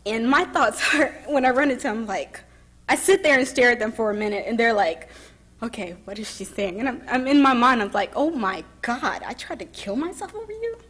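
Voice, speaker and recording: Soft-spoken young woman giving testimony. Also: on the high side, a little hiss or hum. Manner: soft-spoken and emotional, pausing and restarting. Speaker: speaker telling her story. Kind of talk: personal testimony speech. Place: summit event.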